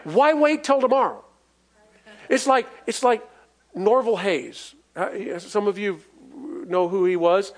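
A male preacher with a high-pitched voice delivers a sermon in a folksy, emphatic style. He draws the congregation into call-and-response and chuckles between his points. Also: slow.

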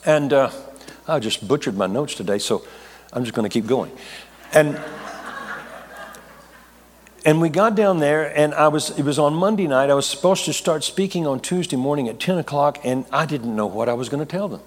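A man's voice: fairly high pitch, moderate pace, pauses often. A man preaching, telling a personal story with jokes, restarts and repeated words. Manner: animated, rambling with repeated restarts, jokey asides. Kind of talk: storytelling sermon. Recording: long reverb of a large hall.

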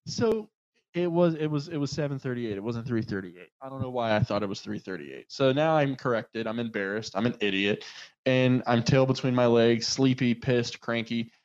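A man telling a story in casual chat, acting out the people in it with lively swings of voice. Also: medium pitch, normal speed, highs cut off. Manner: animated, acts out the people in his story.

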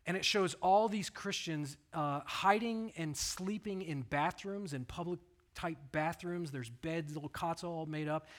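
A man's voice: a little high, a little slow. Earnest man preaching a sermon. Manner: earnest, conversational storytelling. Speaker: pastor.

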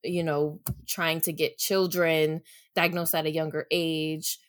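Lower-voiced woman co-host, filler-heavy. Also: little pitch movement, slow pace, dry recording, studio quality. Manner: warm affirming, uses filler "like". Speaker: podcast co-host. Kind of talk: casual chat.

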